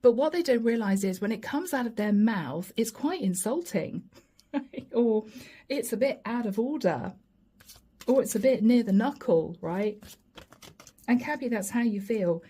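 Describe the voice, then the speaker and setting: Husky, chatty woman reading tarot. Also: on the high side, unhurried. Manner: lively, chatty, often acts out quoted voices and asides. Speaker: tarot reader.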